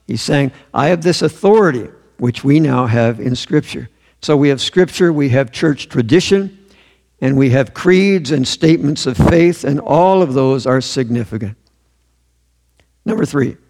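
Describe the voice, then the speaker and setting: A man's voice: mid-range voice, a little mellow. A man preaching a sermon in a church, earnest and emphatic, repeating his key phrases. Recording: long hall reverb.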